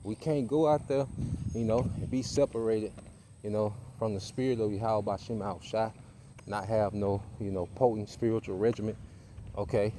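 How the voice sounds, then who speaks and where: Man preaching casually over loud noise. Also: on the low side, fairly even intonation, moderate pace. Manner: casual preaching, tags lines with "man" and "okay". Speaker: teacher of a Bible study group. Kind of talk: informal sermon teaching.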